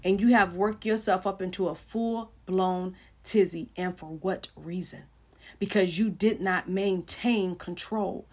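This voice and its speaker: This Christian livestream host is a middle-aged woman whose voice is fairly low, steady, darkish and slightly rough, and she talks a little slowly. Her sermon is informal, and she addresses viewers earnestly and conversationally, calling them by name.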